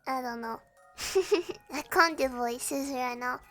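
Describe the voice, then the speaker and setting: Sick young woman streamer, high bright voice, slow fretful rambling, soft music behind. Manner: fretful, rambling, laughs often. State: sick and feverish, voice strained. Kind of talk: casual livestream chat.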